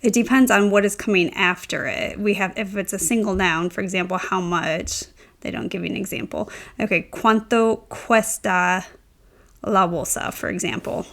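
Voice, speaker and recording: A woman's voice: medium pitch, fairly even intonation, fairly quick, creaky. A woman teaching a tutorial, explaining step by step with frequent ums and self-corrections. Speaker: Spanish teacher. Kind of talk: instructional tutorial.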